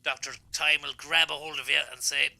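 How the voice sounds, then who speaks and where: A man's voice: a little high, little pitch movement, a little fast, creaky, pushed and bright. A man co-hosting a gaming stream, chatting in a rambling, folksy, joking way. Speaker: stream co-host. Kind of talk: casual gaming stream chat.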